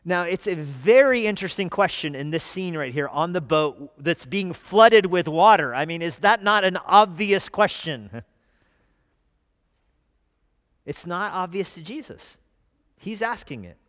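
Animated preacher in a reverberant hall. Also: male voice, sits high, normal speed. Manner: animated, voice leaping up when quoting cries. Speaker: pastor. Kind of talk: sermon. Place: church sanctuary. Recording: long church hall reverb.

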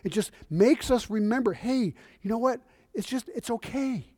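A middle-aged man preaches with a notably high voice, animated and conversational as he tells stories. The sound is dry and close. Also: moderate pace, no echo. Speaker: visiting missionary preacher. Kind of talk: sermon. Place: church.

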